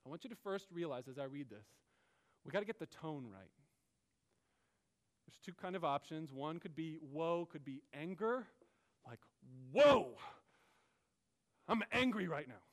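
A man's voice: a little high, lively intonation, moderate pace. A man preaching a sermon as pastor, earnest, with rising and falling emphasis.

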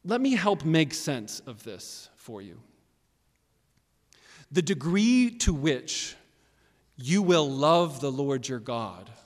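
A man's voice: on the high side, very animated, slow, pauses often. Emphatic man preaching in a reverberant hall. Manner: swings from quiet to loud, emphatic preaching. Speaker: pastor. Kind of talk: sermon.

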